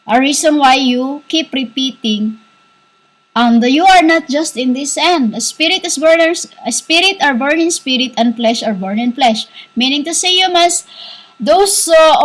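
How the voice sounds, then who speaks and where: A woman giving a rambling spiritual monologue, halting and repetitive, scolding her listeners as "humans". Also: high voice, poor audio. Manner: scolding, insistent. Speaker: self-styled spiritual teacher.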